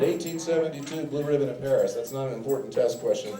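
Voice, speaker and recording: A man's voice: medium pitch, fast, few pauses, dark tone, distant mic. A man with a folksy cowboy drawl rambles through a standup set in a bar and grill. He speaks in a mid-range voice, and the sound comes from a few steps away. The room echoes around him. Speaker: standup comedian. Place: bar and grill with live audience. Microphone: handheld mic.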